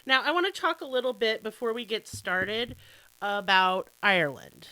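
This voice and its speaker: A woman's voice: on the high side, lively intonation, moderate pace, bright, forceful tone, no room sound. An American woman hosting a true crime podcast, telling the story in a casual, irreverent and self-deprecating way, with some swearing. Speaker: podcast host.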